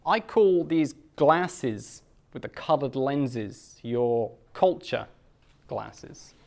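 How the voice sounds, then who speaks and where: A British man explaining culture to language learners, stretching key words slowly and deliberately. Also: medium pitch, darkish tone.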